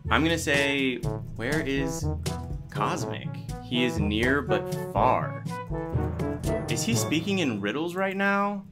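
A man giving excited, animated commentary while playing a video game, often exclaiming and reading chat aloud. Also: mid-range voice. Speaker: gaming YouTuber. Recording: music playing under the voice.

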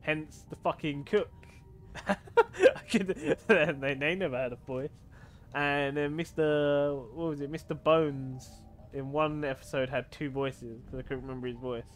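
Man, game streamer, casual chat, slightly high voice, laughs a lot, curses, faint game music behind. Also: fairly even intonation, measured pace. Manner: chatty, swears casually, laughs often.

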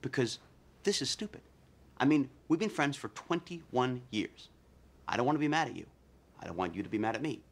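A man's voice: medium pitch, expressive. An impulsive man pleading with his friend. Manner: pleading, then quick to swear. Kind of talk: film comedy acting.

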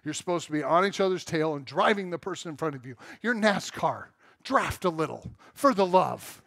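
High-voiced candid preacher man. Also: animated, moderate pace, gravelly, a bit bright, no room sound, studio quality. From Southern California. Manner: candid, self-mocking, acts out quoted voices. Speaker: pastor. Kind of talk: sermon. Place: church sanctuary.

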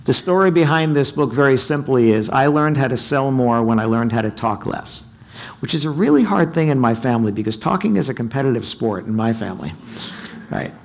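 A middle-aged man giving a sales seminar talk in a hotel conference room, animated and quizzing the audience. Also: medium pitch, fairly quick, vocal fry. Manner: animated, asks the audience questions, acts out quotes. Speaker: keynote speaker.

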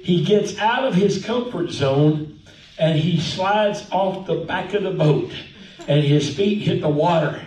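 A man preaching a sermon as pastor, folksy and animated, with frequent hallelujahs, heard in a church sanctuary. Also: sits high, unhurried. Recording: echoey church sanctuary, distant mic.

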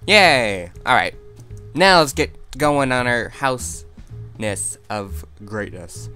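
A man talks through his game in a loose, rambling way, his ordinary mid-range voice jumping into high squeals whenever something startles him. Quiet music plays faintly behind his commentary. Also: slow pace, clean tone. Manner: chatty, excitable, squeals high when startled. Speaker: gaming video host. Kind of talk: casual gameplay commentary.

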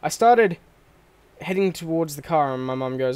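A man's voice: mid-range voice, brisk, a little mellow, no room sound. A young man, talking casually to his channel from his bedroom desk setup. He rambles, swears freely and corrects himself as he goes. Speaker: channel host. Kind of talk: casual vlog monologue. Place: bedroom recording setup at home. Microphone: microphone on a stand at his desk.

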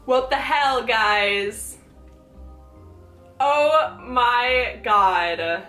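A woman vlogger opening fan mail at home, gushing and excitable, swearing casually, recorded with roomy echo. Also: fairly high pitch, drawn-out words, soft background music. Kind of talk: casual chat.

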